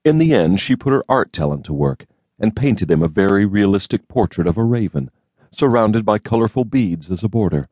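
Deep-voiced guy reading an audiobook, steady and measured, dry studio sound. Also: dry recording. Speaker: audiobook narrator. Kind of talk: scripted narration.

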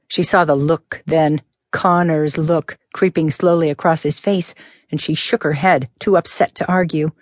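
A woman's voice: low voice, steady tone, a little slow, dry recording, studio quality. A woman narrating a novel as an audiobook reader, voicing the characters as she reads. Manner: reads both characters with shifts in voice. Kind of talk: scripted narration.

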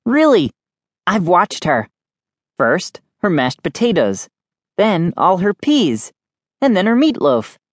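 A man's voice: high voice, no room sound, studio quality. A man narrating a children's storybook in the first person, in a playful, jokey kid-like voice. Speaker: audiobook narrator. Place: studio. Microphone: close studio mic.

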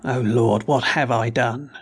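Secretive old inventor-father, read by a man, severe and rasping; vintage sci-fi audiobook. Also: a little high, animated, normal speed, a little mellow, heavily acted. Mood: anguished. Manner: severe, suspicious, groaning. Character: suspicious, secretive older male inventor, a father.

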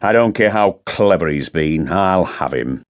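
Man doing a gruff chief inspector. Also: sits low, lively intonation, unhurried, muffled recording. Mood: grim. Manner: blunt, dry, sardonic. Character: gruff blunt middle-aged male police chief inspector.

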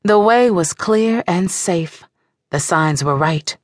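Slow, measured woman audiobook narrator. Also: lowish voice, expressive, no room sound, clean studio sound.

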